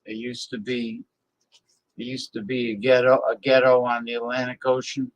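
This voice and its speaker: A man's voice: mid-range voice, flat delivery, moderate pace, lo-fi sound. A man hosting a live-stream talk show, ranting bluntly and scornfully as he reacts to his viewers' chat.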